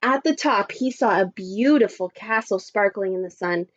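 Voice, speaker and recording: A woman teacher reading a story aloud to children, expressive and adding little asides. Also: mid-range voice, normal speed, dull audio. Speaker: primary school teacher.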